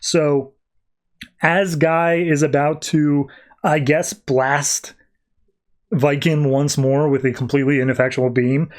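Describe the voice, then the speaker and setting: A man hosts a podcast and casually recaps a comic book issue. He talks in a chatty, rambling way, with a fairly high voice and frequent fillers and asides. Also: steady tone, slow. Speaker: podcast host.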